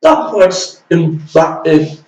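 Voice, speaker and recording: A man delivers exasperated, mocking commentary, swearing now and then. His voice sits a bit high and he speaks slowly. He is recorded from a distance in an echoey room. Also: expressive. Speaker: vlogger. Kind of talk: ranting commentary. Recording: echoey room, away from mic.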